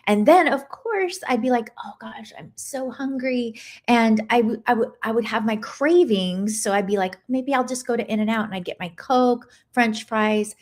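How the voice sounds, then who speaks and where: A middle-aged woman talks casually on her livestream. She rambles easily and breaks off to greet viewers by name. Her voice sits at an ordinary, mid-range pitch. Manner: chatty, rambling, pauses to greet and answer viewers. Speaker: livestream host.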